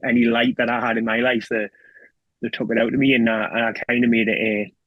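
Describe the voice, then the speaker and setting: A middle-aged man with a Geordie accent talks with a husky, slightly rough voice at a middle pitch. He tells his story in a raw, emotional, sweary way and keeps checking in with "do you know what I mean". The sound is close and dry. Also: flat delivery, fast talker, no room sound, narrow, tinny audio. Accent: North East England (Geordie). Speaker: guest. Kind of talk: candid personal storytelling.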